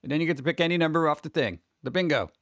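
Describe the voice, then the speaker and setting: A man hosting a casual live stream, rambling excitedly and greeting chat members by name. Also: on the high side, very fast, no echo, muffled recording. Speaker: livestream host.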